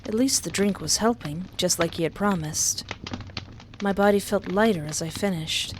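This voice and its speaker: A woman narrating a first-person story in a measured, hesitant way, pausing often. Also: mid-range voice, background noise. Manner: slow, measured reading with hesitant pauses.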